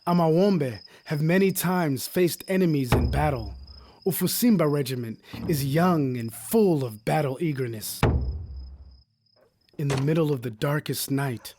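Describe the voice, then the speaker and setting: A man reading an epic poem aloud as an audiobook, in measured, solemn storytelling. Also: medium pitch, noisy background. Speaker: audiobook reader. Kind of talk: scripted narration of an epic poem.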